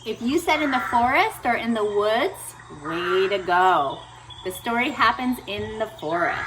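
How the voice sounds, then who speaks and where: A woman reads a picture book to young children in a gentle, encouraging way, often pausing to ask them questions. Her voice is pitched a bit high and very animated. She speaks slowly and clearly. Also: noisy background. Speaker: speech therapist reading to children. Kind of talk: read-aloud lesson for kids.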